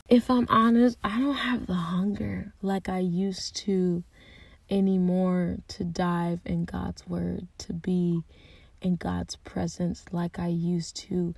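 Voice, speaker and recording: Young woman talking slow n earnest about faith, dry close sound, keeps restarting her thoughts. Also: on the low side, little pitch movement, creaky, breathy edge, no room sound. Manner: earnest and searching, thinking aloud with restarts and soft asides. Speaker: Christian speaker sharing personal reflections. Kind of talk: candid personal reflection.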